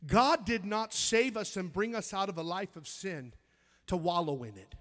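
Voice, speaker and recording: A man preaching a sermon in a church, emphatic, reading scripture aloud with halting restarts. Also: high voice, expressive, a bit bright, long reverb tail.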